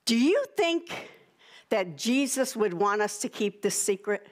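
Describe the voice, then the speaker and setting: A woman's voice: fairly high pitch, sing-song, unhurried. A woman pastor in a church sanctuary, leading a prayer and giving a playful, coaxing children's sermon.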